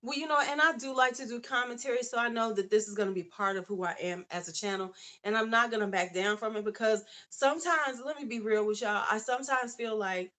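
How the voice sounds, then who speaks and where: A woman's voice: on the high side, fairly quick, hardly any pauses, fairly bright tone. Chatty woman host on a live stream. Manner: chatty, reads chat aloud, asides to viewers. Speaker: YouTube beauty channel host. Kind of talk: casual live-stream chat.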